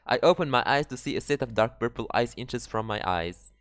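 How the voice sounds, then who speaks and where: A man commentating a game as he reads it aloud, jokey and prone to swearing. His pitch bounces all over the place, with faint music playing under him. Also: expressive, brisk, fairly bright tone, no echo, clean studio sound. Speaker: let's player.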